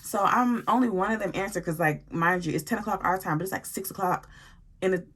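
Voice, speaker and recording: A woman telling a story to her viewers in a casual, animated way, full of slang and swearing. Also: mid-range voice, a little fast, husky.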